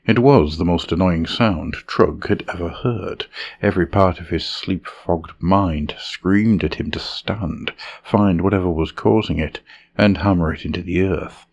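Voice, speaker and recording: A man reading a fantasy story in a measured, dramatic narration style. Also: deep voice, darkish tone, dull audio.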